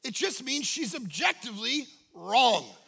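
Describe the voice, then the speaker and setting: Animated high-voiced gravelly male preacher. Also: a little slow, slight background noise. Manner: animated, jokey, acts out quoted voices. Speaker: pastor. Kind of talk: humorous sermon storytelling.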